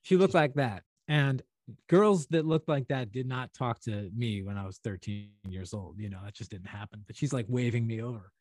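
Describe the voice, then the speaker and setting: A man from St. Louis, a podcast co-host, telling a long story in casual chat with an animated, rambling manner. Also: mid-range voice, normal speed, no room sound, studio quality. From St. Louis, USA.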